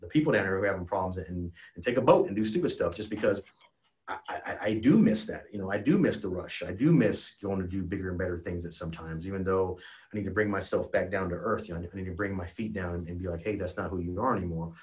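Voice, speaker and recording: A retired American helicopter pilot telling a war story as a podcast guest, earnest and emotional, with many restarts and "you know"s. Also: male voice, low-pitched, fast talker, a little mellow. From United States. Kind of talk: casual spoken storytelling.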